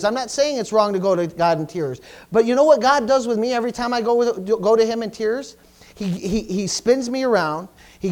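A man's voice: very high-pitched, a little mellow. A pastor preaching a sermon to his congregation, emphatic and repetitive, stumbling over restarts and calling out for amens. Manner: emphatic, repetitive, stammering restarts, call-and-response. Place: church service.

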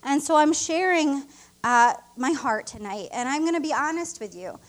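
A woman's voice: sits high, expressive, moderate pace. A middle-aged woman co-pastor preaching an emotional, heartfelt sermon with rising exclamations.

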